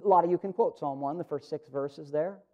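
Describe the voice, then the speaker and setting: Male pastor, high-pitched, earnest sermon delivery with emphatic swells; dull lo-fi sound. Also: a little fast. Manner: earnest, emphatic, rising for emphasis and dropping to a hush. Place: church sanctuary. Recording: dull lo-fi church recording.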